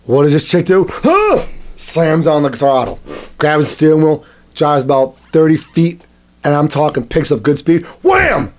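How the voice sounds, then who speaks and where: Podcast guy rambling thru a story, slightly high voice, lots of restarts. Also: darkish tone. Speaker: podcast co-host. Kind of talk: casual chat.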